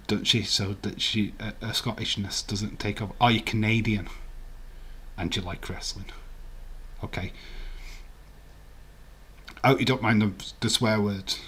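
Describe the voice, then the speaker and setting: Responding to viewer comments on his live stream, a man chats loosely during a watch-along, wandering off topic and laughing frequently. His pitch is fairly low and his tone a bit bright, with slight background noise.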